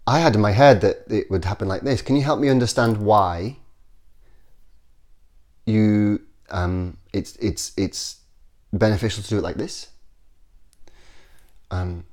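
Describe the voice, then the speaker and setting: A man's voice: fairly low pitch, unhurried, long pauses, darkish tone. A middle-aged man hosting a self-development video, talking casually and earnestly to camera, often repeating himself and acting out short sample conversations. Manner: earnest, repeats phrases, acts out example dialogue.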